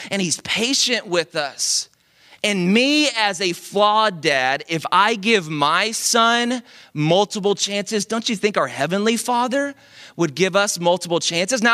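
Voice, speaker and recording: A young male pastor preaching into a microphone with a high, bright, forceful voice. He keeps it conversational and animated, tossing in casual asides and checking in with the congregation as he goes. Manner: conversational, animated, with frequent "like" and "right?". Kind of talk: sermon. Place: church service. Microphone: speaking into a microphone.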